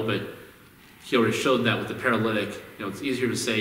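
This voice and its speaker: A man's voice: lowish voice, steady tone, brisk, bright, forceful tone, a little hiss or hum. A male pastor preaching a conversational sermon, often repeating words as he restarts his phrases. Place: church sanctuary. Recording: echoey hall, distant mic.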